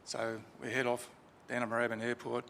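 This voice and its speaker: Gravelly man telling a story. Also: medium pitch, monotone, brisk, a bit bright, a little hiss or hum. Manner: chatty anecdotal, with fillers and restarts. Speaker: funeral eulogy speaker. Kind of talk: informal storytelling eulogy. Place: crematorium chapel. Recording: reverberant chapel, faint ambience.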